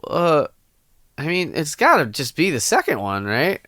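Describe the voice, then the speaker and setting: A man co-hosts a casual podcast, rambling through jokes and cursing freely. His voice moves with lively ups and downs in pitch. It is recorded close and dry. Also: unhurried, no echo. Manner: joking, rambling, swears casually. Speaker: podcast co-host. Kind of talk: casual comedic chat.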